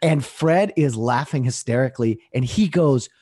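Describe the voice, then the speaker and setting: A man's voice: medium pitch, lively intonation, moderate pace, warm tone, breathy edge. A man hosting a podcast in easygoing, casual chat, often laughing as he recounts anecdotes. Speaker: podcast host.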